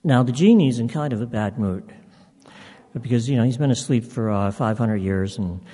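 A man's voice: mid-range voice, moderate pace, warm tone, husky. A man casually telling a long joke, rambling with plenty of fillers. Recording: long hall reverb.

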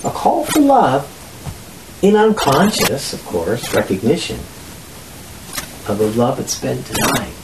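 Lively spiritual teacher leading a group lesson, laughs a lot, acts out voices, roomy echo, steady hiss behind. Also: mid-range voice, slow, vocal fry, long pauses.

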